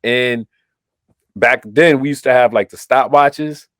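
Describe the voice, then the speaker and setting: A man's voice: mid-range voice, measured pace, dry recording, clean studio sound. A man from Brooklyn, co-hosting a casual podcast and telling stories, acting out the dialogue in his anecdotes. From Brooklyn, New York. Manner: animated storyteller, acts out dialogue in quotes. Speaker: podcast co-host. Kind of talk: casual storytelling chat.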